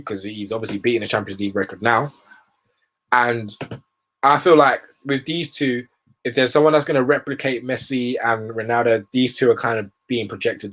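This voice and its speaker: A man's voice: mid-range voice, breathy edge. A young man hosting a football show, giving rambling, opinionated commentary in casual slang.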